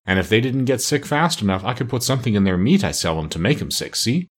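A man playing an uneducated, talkative cat's-meat seller with rough, colloquial speech. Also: medium pitch, sing-song, fast talker. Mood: pushy.

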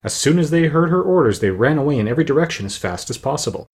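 A man reading a storybook aloud as narrator, steady and plain, with the odd small slip. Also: a little high, fast talker, husky. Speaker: audiobook narrator.

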